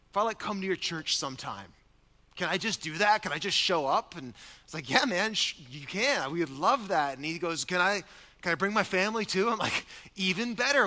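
A male pastor preaches to his church with emphatic, repetitive rhythm. His voice is bright and forceful, pitched a little high. The sound rings with the long reverb of a large sanctuary. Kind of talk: sermon.

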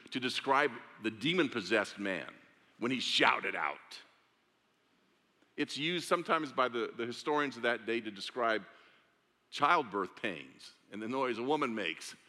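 Bright-voiced preacher in a big echoing hall. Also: male voice, medium pitch. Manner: dramatic storytelling, acting out voices in the story. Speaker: pastor. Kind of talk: sermon.

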